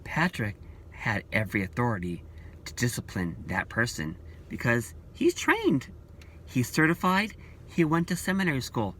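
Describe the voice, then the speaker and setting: A man's voice: medium pitch, big pitch swings, normal speed, fairly bright tone, slight background noise. A man vlogging about church leaders, talking in an earnest, repetitive, preachy way. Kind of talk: casual opinion vlog.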